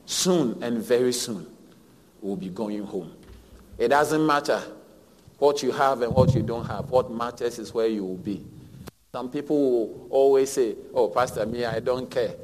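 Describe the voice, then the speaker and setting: A man's voice: medium pitch, measured pace, a little hiss or hum. Preaching man in reverberant hall. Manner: emphatic preaching with big swings in loudness and repeated phrases. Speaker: pastor. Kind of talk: sermon.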